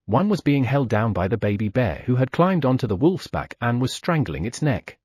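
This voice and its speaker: A man narrating an audiobook in a lively storytelling manner, voicing the sound effects. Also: mid-range voice, normal speed, breathy edge, dry recording, clean studio sound. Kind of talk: scripted narration.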